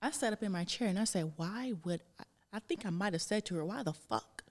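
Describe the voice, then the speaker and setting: A woman's voice: mid-range voice, expressive, fairly quick, few pauses, darkish tone. A woman in her thirties co-hosting a podcast, talking frankly and with exasperation, swearing freely. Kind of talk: casual chat.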